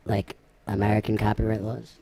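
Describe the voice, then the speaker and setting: A man's voice: on the low side, monotone, normal speed, creaky, crowd noise. A man hosting a podcast, bantering in a playful, goofy way. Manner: playful, goofy, laughing at own jokes. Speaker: podcast host. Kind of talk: joking casual banter.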